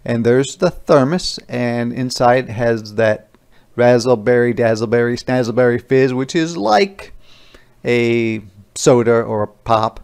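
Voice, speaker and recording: A man reading a picture book aloud to young children as a teacher, pausing to explain words gently. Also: medium pitch, animated, creaky, clear, resonant tone.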